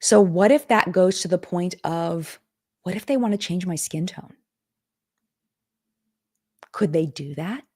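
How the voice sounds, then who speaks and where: A woman's voice: on the low side, a little slow, long pauses, darkish tone, husky. A woman hosting a casual live stream, thinking aloud as she reads viewer comments and contract text. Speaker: host of a live chat stream. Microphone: streaming setup.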